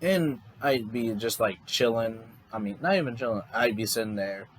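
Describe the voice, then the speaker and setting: A man's voice: medium pitch, expressive, moderate pace, slight background noise, rough recording. A man casually improvising a story, rambling loosely with lots of fillers and restarts. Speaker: fan storyteller.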